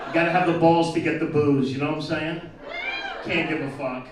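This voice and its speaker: Brisk and fairly even in intonation, this man's voice sits on the high side as he works through a crude, brash stand-up routine and pokes fun at the crowd. The live recording is echoey and distant, with the audience chattering and laughing.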